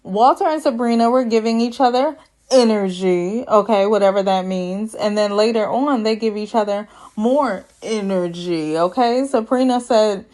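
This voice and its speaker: At a normal speed and in a slightly mellow mid-range voice, a woman chats her way through a casual recap of a reality series. She laughs at her own jokes, keeps it sassy, and mimics cast members with put-on voices.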